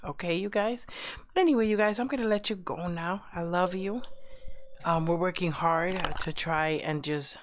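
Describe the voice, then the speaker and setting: A woman's voice: lowish voice, moderate pace, slight background noise. A woman hosting a live stream show, chatting casually in a giggly, teasing, playful way.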